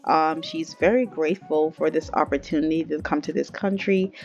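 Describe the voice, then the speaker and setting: A woman's voice: sits low, steady tone, normal speed, darkish tone, lo-fi sound, soft background music. Chatty woman narrating a game story. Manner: chatty, casual, addresses viewers.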